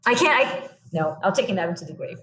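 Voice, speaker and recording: A young adult woman, a podcast guest, telling her own story in a blunt, animated way and acting out what she said back then. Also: lowish voice, fast. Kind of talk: casual storytelling.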